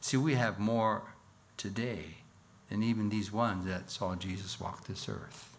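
A man's voice: on the low side, measured pace, slight background noise. A man preaching a sermon in church as pastor, earnest, with rhetorical questions and a rising, emphatic reading of scripture. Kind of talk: expository sermon.

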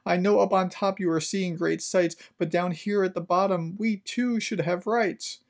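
Meek little turtle, pitched well up, gravelly, played by a man reading aloud. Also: steady tone, moderate pace. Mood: pleading. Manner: polite, pleading complaint. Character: plain little male turtle, weary and pleading.

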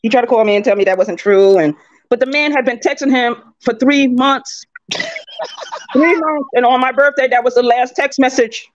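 A woman guest recounts her stories bluntly and candidly, in a high voice that swings widely in pitch. The clip sounds dull and lo-fi. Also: wildly swooping pitch, moderate pace. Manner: blunt, candid, laughs at herself. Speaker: interview guest. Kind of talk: candid storytelling.

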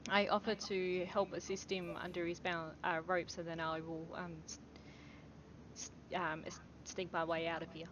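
A woman's voice: on the low side, flat delivery, moderate pace, highs cut off, background noise. A woman with an Australian accent playing a tabletop game, speaking hesitantly with ums and small stumbles. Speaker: player.

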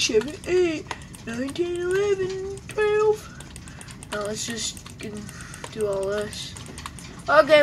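A young woman with a fairly high voice chats slowly and unhurriedly through casual gameplay commentary. She rambles, jokes and talks to herself as she plays. A steady hiss of noise and keyboard typing sits under the recording. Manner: rambling and silly, talking to herself. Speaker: gamer.

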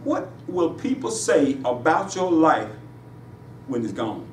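A man preaching a sermon in a church, with emphatic call-and-response delivery that rises in pitch on his punchlines. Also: big pitch swings, takes it slowly, recorded from a distance. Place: church sanctuary. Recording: echoey church room, voice from afar, faint hiss.

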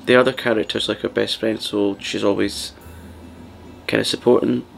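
A man hosting a soft-spoken ASMR chat, rambling and partly whispering as he talks. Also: lowish voice, little pitch movement, moderate pace, gravelly, soft background music. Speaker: ASMR channel host.

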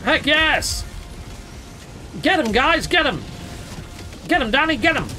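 A British man who hosts a gaming channel, talking through his play in a casual, excitable way and yelping when things go wrong. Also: very high-pitched, slow, faint music behind. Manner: excitable, exclaims and yelps during fights. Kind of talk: casual let's-play commentary.

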